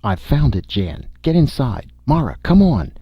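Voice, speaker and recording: A man's voice: medium pitch, big pitch swings, unhurried, breathy edge, no echo, voice pushed up, full character voice. A man reading aloud, voicing a frightened young man in a raised, urgent voice. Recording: dull, lo-fi dry recording.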